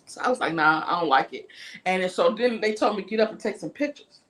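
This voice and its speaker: A woman hosts a livestream in a low, fast voice, telling a story as a casual, profane rant. She's animated and performs every voice in the tale herself.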